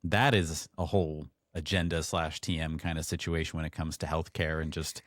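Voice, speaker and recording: A man's voice: extremely low pitch, level tone, moderate pace, dry recording, clean studio sound. A man co-hosting a podcast in a laid-back, friendly casual chat. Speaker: podcast co-host.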